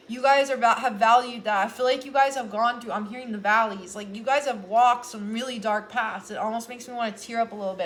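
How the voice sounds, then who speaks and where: A young woman with a fairly high voice gives a casual tarot reading for her viewers. She talks earnestly and loosely, trailing off and restarting her sentences as she goes, with a faint hiss of noise underneath. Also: fairly bright tone. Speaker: tarot reader.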